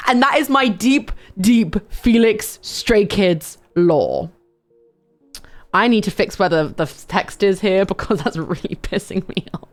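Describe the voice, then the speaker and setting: A young woman streamer telling a long story in a casual, animated way, swearing and breaking into sudden high squeals. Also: a little slow, faint music behind.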